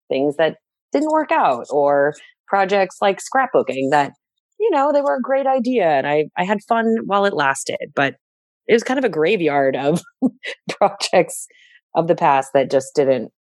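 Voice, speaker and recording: Candid woman with a low voice, chatting about herself on a podcast, dry close sound. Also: no echo. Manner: candid, reflective, laughs at herself. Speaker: interviewee, organizing client. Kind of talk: casual podcast interview.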